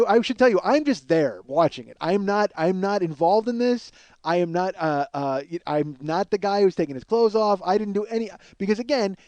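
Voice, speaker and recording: A man telling a comic story from his youth in a rambling, animated way, full of fillers and acted-out quotes. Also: sits high, no echo. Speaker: comedian host.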